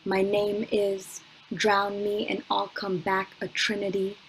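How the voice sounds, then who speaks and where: Young woman poet, spoken word reading, unhurried and level, computer mic on a video call. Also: medium pitch, monotone, slight background noise, poor audio. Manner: slow, measured delivery with long pauses, chatty with fillers between poems.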